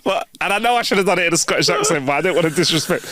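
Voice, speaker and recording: A man's voice: fairly high pitch, animated, very fast, bright, forceful tone, no echo. A man co-hosting a comedy podcast, reading out listener jokes in a slangy, chuckling way. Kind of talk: casual comedy chat. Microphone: close studio mic.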